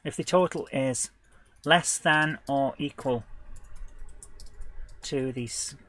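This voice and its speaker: A man designing a tabletop game live, thinking aloud in a hesitant, halting way, stopping and correcting himself, with bursts of excitement when an idea lands. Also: mid-range voice. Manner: hesitant, halting, full of restarts and self-corrections. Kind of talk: thinking aloud while working.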